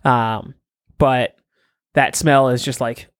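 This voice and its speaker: Brief: male podcast co-host, mid pitch, crude deadpan humor, dry close mic. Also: slow, clean tone, dry recording. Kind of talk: casual podcast chat.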